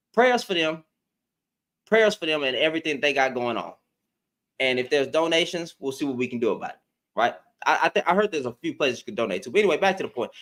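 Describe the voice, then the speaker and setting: High, lively-voiced man hosting a livestream. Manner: repetitive, taunting, talks straight to chat. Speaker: livestream host. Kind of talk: casual live-stream commentary.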